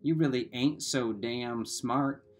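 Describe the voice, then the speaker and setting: A man's voice: medium pitch, slow, natural voice. A man reading aloud and voicing a crude teenage boy who mocks his friends in coarse slang. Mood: taunting. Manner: coarse backwoods slang, mocking.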